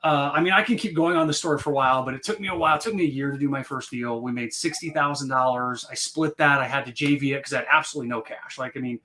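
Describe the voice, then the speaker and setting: Fast-talking animated man telling his story. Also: mid-range voice, a little hiss or hum. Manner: animated, rambling with many fillers and restarts. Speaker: podcast guest, real estate investor. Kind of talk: casual storytelling.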